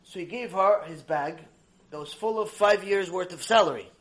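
A man giving a religious lecture, telling stories in an animated, emphatic way. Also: sits high, moderate pace. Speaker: religious teacher. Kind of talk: recorded Torah lecture with storytelling.

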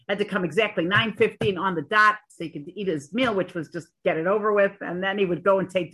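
A woman's voice: on the low side, a bit bright, husky. A woman giving an earnest storytelling Torah talk, mixing in Hebrew and Yiddish terms with chatty asides. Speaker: Torah teacher.

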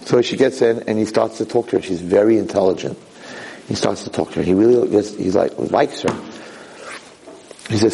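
A man giving a lecture, telling a parable in an animated, conversational way. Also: lowish voice, normal speed, creaky, long pauses, slight background noise, low-quality recording. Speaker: Torah lecturer. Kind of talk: storytelling lecture.

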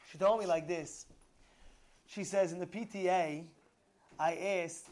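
A young man giving an animated sermon as a rabbi, telling stories, acting out dialogue and asking his listeners questions. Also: high-pitched, a little slow, long pauses. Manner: excitable, storytelling, asks the audience questions, swings from loud to hushed. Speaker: rabbi giving a Torah class.

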